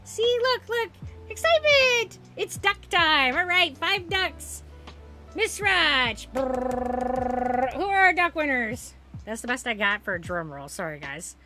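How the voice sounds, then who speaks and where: A woman streamer with a high, bright voice talks casually to her chat. She is bubbly and excitable. Faint game music plays behind her. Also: takes it slowly. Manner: bubbly, excitable, cheering and laughing.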